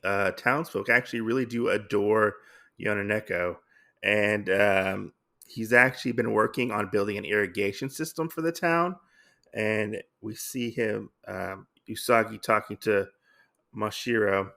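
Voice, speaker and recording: A man hosting a podcast, recapping a comic book in a halting, rambling way full of fillers and self-corrections. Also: fairly low pitch, gravelly, pushed and bright. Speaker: podcast host.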